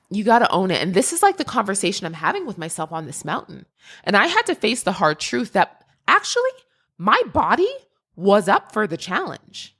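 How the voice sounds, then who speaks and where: A woman talks straight to her listeners in a motivational podcast monologue. Her voice is lively and rises and falls widely. She leans on repetition to drive each point home. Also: a little high. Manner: emphatic, repeats phrases, addresses listener directly. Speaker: podcast host and creativity mentor.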